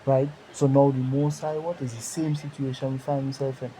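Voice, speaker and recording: A man's voice: medium pitch, level tone, a little fast, mellow, poor audio. A man leading a bible study discussion, reading scripture aloud and asking rhetorical questions.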